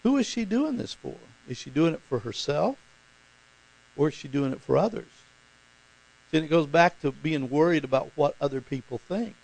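A man's voice: fairly high pitch, lively intonation, moderate pace, vocal fry, a little mellow, poor audio. A man preaching a conversational sermon as pastor, talking informally and putting questions to his congregation.

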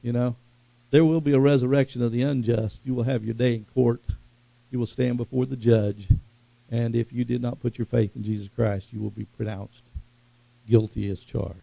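A male preacher delivers a fervent sermon, his gravelly voice swinging into sudden loud bursts. The recording is dry and a little muffled, with no room sound. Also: mid-range voice, steady tone, moderate pace, no room sound.

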